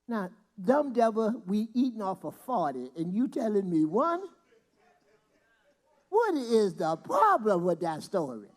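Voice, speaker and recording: A man preaching a sermon, breaking into shouts and acting out prayers. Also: sits high, very animated, measured pace. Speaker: bishop preaching.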